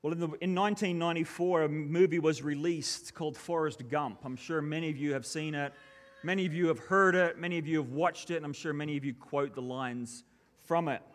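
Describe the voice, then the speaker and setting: A pastor delivering a sermon, reading scripture and then preaching in an earnest, measured way. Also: male voice, a little high, a bit bright.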